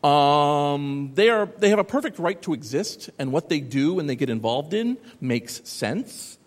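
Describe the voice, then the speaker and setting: A man giving a live talk to an audience, animated and sarcastic, rambling through asides. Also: on the high side, unhurried, big-room sound. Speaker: conference speaker. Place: large hall with audience.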